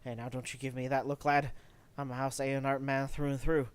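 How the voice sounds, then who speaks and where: A man playing a gruff, blunt dock foreman. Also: mid-range voice, level tone, brisk, lightly acted. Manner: blunt, folksy speech.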